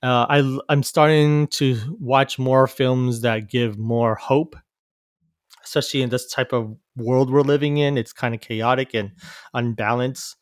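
A man's voice: mid-range voice, fairly even intonation, measured pace, no room sound, studio quality. A man hosting a podcast, talking casually about films with many fillers, restarts and trailing-off asides. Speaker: podcast host. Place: live venue recording.

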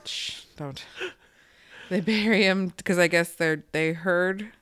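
A man's voice: high-pitched, steady tone, a little slow, a bit bright, clear, resonant tone, no room sound. A man co-hosting a podcast. He chats casually about a film, hesitant and full of fillers and restarts. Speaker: podcast co-host.

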